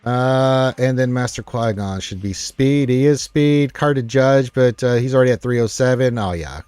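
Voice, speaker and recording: A man's voice: mid-range voice, normal speed, darkish tone, clean tone, dry recording, faint music behind. A man hosting a casual live stream, reading viewer comments aloud in an upbeat, rambling way with many fillers.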